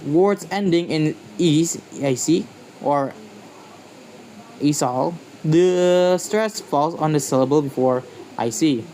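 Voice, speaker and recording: Guy teaching english stress patterns off slides, slightly high voice, really slow and careful, says example words twice. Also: warm tone, slight background noise, low-quality recording. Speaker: pronunciation lecturer. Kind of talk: slide-based online lecture.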